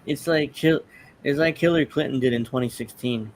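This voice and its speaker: Male host from the Northeastern US, casual political commentary, sardonic and rambling, medium pitch, light background hiss. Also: fairly quick. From Northeastern United States. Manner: mocking, chatty, many restarts.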